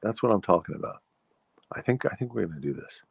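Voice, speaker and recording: A podcast host from the Bronx, New York, runs a rambling, playful solo monologue full of digressions. His lowish voice is animated, fast, slightly rough and full of vocal fry, in a dull, dry, lo-fi recording with no echo.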